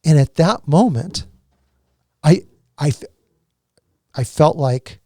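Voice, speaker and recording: A man giving an emotional personal testimony as a podcast guest, earnest and halting, with many restarts. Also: on the high side, expressive, mellow, no room sound, clean studio sound.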